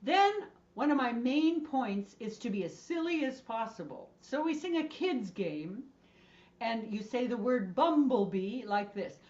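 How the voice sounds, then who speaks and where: A woman's voice: a little high, big pitch swings, measured pace, darkish tone, muffled recording. A woman voice and choir instructor leading an online movement and singing class in a playful, encouraging way over a video call.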